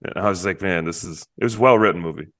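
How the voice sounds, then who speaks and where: Low-voiced, halting podcast co-host man. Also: fairly bright tone. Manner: enthusiastic, halting, repeats words. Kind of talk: casual movie review chat.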